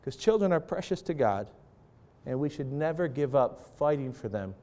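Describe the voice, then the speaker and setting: Delivering a passionate sermon to parents and students, a male pastor lets his voice surge and drop while he acts out prayers. He sounds animated and mellow, with a medium pitch and a moderate pace.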